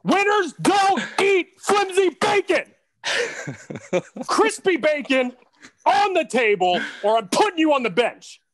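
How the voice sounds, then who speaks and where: A man putting on a loud, blustering football coach who shouts in a high, strained voice. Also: big pitch swings, takes it slowly, exaggerated voice. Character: loud older male football coach yelling about bacon.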